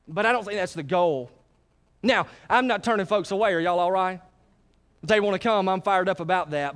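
A man preaches in a high, bright-pitched voice. He is animated and folksy, often stopping to check that the congregation is with him. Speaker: pastor. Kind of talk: sermon.

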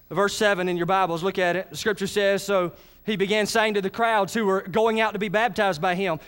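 Lively preacher, high voice. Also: male voice, clear, resonant tone. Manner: lively, calls on the congregation to answer. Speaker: pastor. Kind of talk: sermon.

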